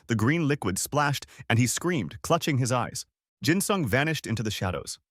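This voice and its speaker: A man telling a story recap in brisk, scripted narration, with a lively, swinging pitch. The sound is close and completely dry, with no room at all. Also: no room sound.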